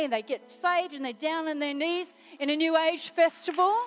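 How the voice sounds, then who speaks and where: High-voiced woman preaching. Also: normal speed, soft background music. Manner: chatty storytelling, many "you know" fillers and restarts. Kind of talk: sermon with personal anecdotes.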